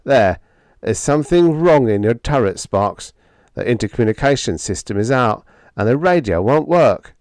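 A man voicing an anxious, petulant male ship's steward with a fussy, hushed manner in a storybook reading. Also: mid-range voice, lively intonation, moderate pace, no room sound, clean studio sound, pitched above the performer's own voice, lightly acted.

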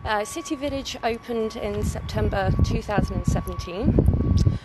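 A British woman who manages student halls gives a friendly, chatty live walking tour on her phone, starting on a city street outside a building and moving into its reception. Her voice is high and swoops wildly in pitch, her pace is unhurried, and she scatters "so" and "um" throughout. The phone stream is very noisy.

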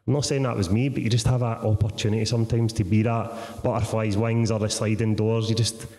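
A Scottish man with a fairly low voice tells sweary, animated stories and keeps checking in with "right?" He is speaking on a theatre stage, and the sound carries the long reverb of the hall. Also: brisk. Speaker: guest author. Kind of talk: live podcast conversation on stage. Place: theatre stage before a live audience.

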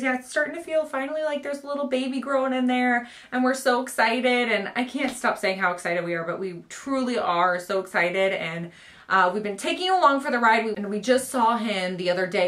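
Gushing over her baby haul, the pregnant vlogger chats to the camera at home, bubbly and quick to laugh. She speaks with a fairly high, fairly bright voice.

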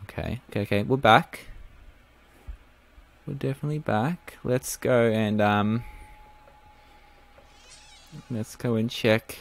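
A man's voice: medium pitch, steady tone, slow pace, vocal fry, long pauses. A man giving casual let's-play commentary, thinking aloud and swearing now and then. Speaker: gaming video host.

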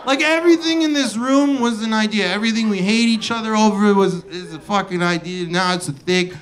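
A male comedian doing a profane, incredulous stand-up rant on a club stage, breaking into shouted outbursts. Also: sits high, brisk. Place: comedy club stage before a live audience. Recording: live club audience laughing. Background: audience laughter.

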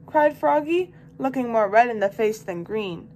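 High-voiced woman reading a picture book. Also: measured pace. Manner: expressive, lively storytelling. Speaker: volunteer reader. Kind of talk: children's book read-aloud.

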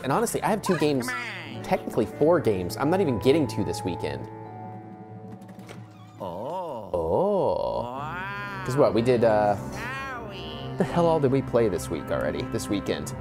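A man hosting a let's play, chatting casually and rambling while keeping his voice down late at night, with frequent laughs. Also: mid-range voice. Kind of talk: casual gameplay commentary. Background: video game music.

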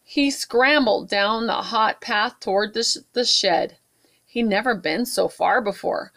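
A woman at a library storytime, reading a picture book aloud to children with expressive asides. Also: mid-range voice, a little slow, gravelly. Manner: warm, expressive read-aloud with asides to kids.

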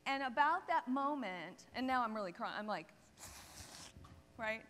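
A woman chiropractor giving a seminar talk, telling lively anecdotes and checking in with the audience. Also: a little high, a little slow. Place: seminar hall stage. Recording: long reverb of a seminar hall.

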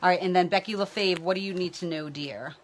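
A woman's voice: on the low side, fast talker, slight background noise. A woman psychic medium giving live-streamed readings, chatting loosely and calling out viewers by name. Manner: talks while a baby tugs at her hair.

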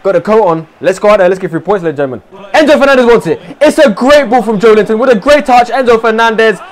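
Young guy streaming a footy game, high voice that jumps all over, yelling then mumbling. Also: fast talker. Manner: animated, swings between shouting and muttering, swears a lot. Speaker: gaming streamer. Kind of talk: live commentary on a football video game.

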